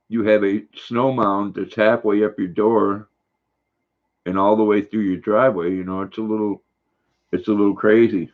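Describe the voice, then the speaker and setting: A man's voice: on the low side, fairly even intonation, moderate pace. An older man, casually chatting on a livestream and reading out viewer comments in a folksy, rambling way. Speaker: livestream host. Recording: dull lo-fi recording.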